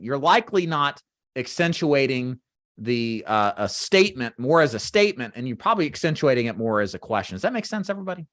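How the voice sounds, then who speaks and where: A man teaching final expense phone sales, walking trainees through a phone script and acting out sample call lines in a brisk sales voice, with frequent "right?" check-ins. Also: fairly high pitch, fairly bright tone, no echo, clean studio sound. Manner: talks straight to trainees, checks in with "right?" and "does that make sense?". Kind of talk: instructional walkthrough of a phone script.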